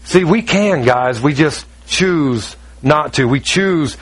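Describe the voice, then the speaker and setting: A man's voice: a little high, expressive, slow, poor audio. A man preaching a sermon in an emphatic, conversational way, asking rhetorical questions and acting out the people he quotes. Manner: acts out quoted voices. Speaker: pastor.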